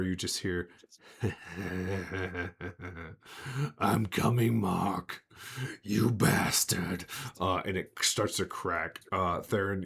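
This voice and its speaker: A man narrating as game master of a tabletop game, with rambling, hesitant descriptions full of fillers. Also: low voice.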